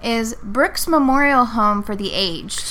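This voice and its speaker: Woman podcast co-host, bright tone, casual and playful. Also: a little high, animated, slow. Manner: playful, teasing. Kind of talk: casual movie chat.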